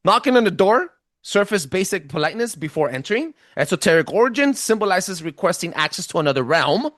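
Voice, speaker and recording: Guy w a thick accent riffing on a podcast, kinda high voice, swoops all over, pretty dry sound. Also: a little fast, dry recording. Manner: animated and emphatic, with stumbles and restarts; says he has a thick accent. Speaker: podcast host giving a presentation. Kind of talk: casual podcast presentation.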